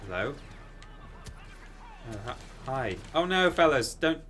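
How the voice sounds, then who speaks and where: A man chatting casually while streaming a video game, rambling and bursting into excited exclamations. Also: fairly low pitch, moderate pace. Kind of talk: casual gaming stream commentary.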